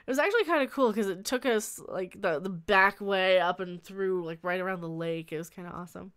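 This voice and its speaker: A woman's voice: mid-range voice, a little fast, fairly bright tone, clean tone. A young woman hosting a casual livestream from a small room at home, chatting with her chat, rambling, with frequent laughs and restarts. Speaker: livestream host reading chat.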